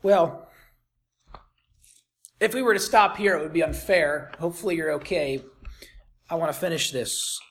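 A pastor preaching a sermon, reading scripture aloud and swinging dramatically from soft to loud with rhetorical questions. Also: mid-range voice, moderate pace, pauses often. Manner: reads scripture in King James wording.

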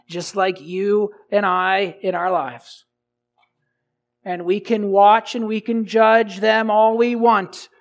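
A male pastor preaches a sermon, putting rhetorical questions to the congregation and alternating between loud emphasis and quiet, low lines.

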